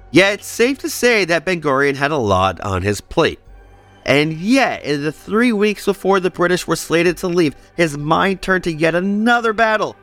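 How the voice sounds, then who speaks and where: A man's voice: fairly high pitch, fairly bright tone. A man hosting a history podcast, reading scripted narration and breaking off for playful personal asides.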